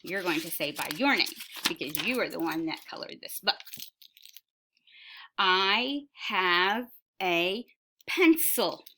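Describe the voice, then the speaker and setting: A woman's voice: deep voice, animated, brisk, bright, forceful tone, slight background noise. A woman teacher reading a sight word book aloud to young children, word by word, with encouraging prompts.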